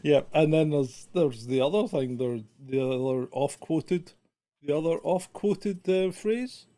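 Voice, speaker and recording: British male co-host, mid-pitched, measured and dry-humoured. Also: mellow. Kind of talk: casual chat.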